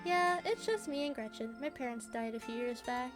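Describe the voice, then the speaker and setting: Brief: woman reading a chipper, down-to-earth young woman, high voice, over game music. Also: lively intonation, normal speed. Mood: upbeat. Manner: cheerful, folksy, matter-of-fact. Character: friendly young woman living alone with her old dog.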